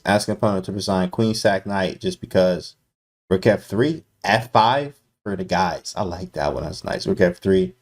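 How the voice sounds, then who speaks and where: A man's voice: sits low, darkish tone. Hyped, slangy man talking chess. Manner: slangy, hyped, talks straight to chat. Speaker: chess streamer. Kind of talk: live-stream chess commentary.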